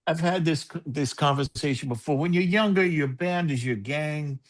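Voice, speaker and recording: An older man hosting a podcast, speaking reflectively in casual chat with halting restarts. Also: a little high. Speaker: podcast host.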